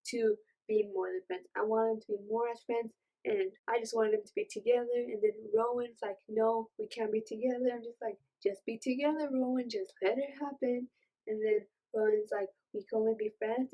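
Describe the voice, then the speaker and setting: Young woman fangirling over a book, rambly, lots of likes and ums, mid-pitched voice. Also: warm tone, low-quality recording. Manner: gushing, rambling, many fillers. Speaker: book vlogger. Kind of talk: excited casual book review.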